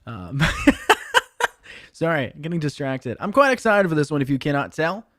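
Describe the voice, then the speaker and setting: A young man casting a collegiate esports match, excited and joking, sounding tired. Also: on the high side, a little fast, no room sound, studio quality. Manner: excited, jokey, rambling. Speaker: esports caster. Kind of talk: esports commentary.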